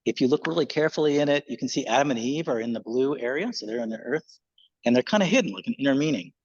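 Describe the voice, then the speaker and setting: A man's voice: mid-range voice, animated, fast talker, breathy edge, highs cut off. A male pastor giving a casual, conversational sermon in a church, with loose fillers.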